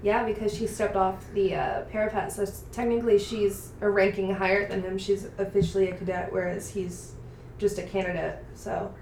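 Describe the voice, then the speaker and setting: A woman's voice: medium pitch, little pitch movement, normal speed, a little mellow, reverberant, a little hiss or hum. A woman co-hosting a podcast, chatting about a book in a gushing, enthusiastic, slangy way. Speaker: podcast co-host. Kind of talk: casual book chat.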